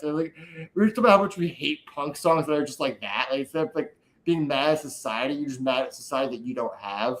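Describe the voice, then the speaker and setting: A man's voice: mid-range voice, quick pace, hardly any pauses, a bit bright. A man co-hosting a casual podcast chat, rambling and swearing, laughing often. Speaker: podcast co-host. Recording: echoey room.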